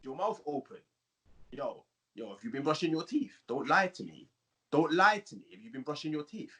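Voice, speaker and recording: A man's voice: fairly high pitch, big pitch swings, moderate pace, fairly bright tone, pitched above the performer's own voice. A man voicing a brash young male dentist who questions a patient pushily in street slang. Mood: pushy.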